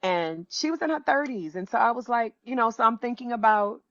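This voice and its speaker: A woman in her fifties, an author and educator, telling a story as a guest with lively restarts. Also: a little fast, no room sound, muffled recording. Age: 50s. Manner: animated, acts out quoted voices with pitch jumps, many restarts. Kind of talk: conversational storytelling.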